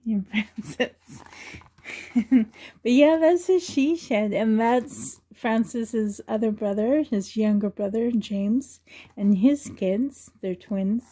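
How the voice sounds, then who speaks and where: A woman's voice: fairly high pitch, slow, warm tone. A middle-aged woman vlogger chatting casually and rambling, with frequent giggles as she shows things. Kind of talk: casual show-and-tell chat.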